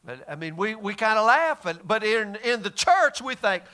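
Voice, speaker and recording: Bright, high-voiced folksy pastor man. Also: big pitch swings, normal speed, hardly any pauses. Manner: casual, folksy, stammering restarts. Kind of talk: conversational Bible teaching.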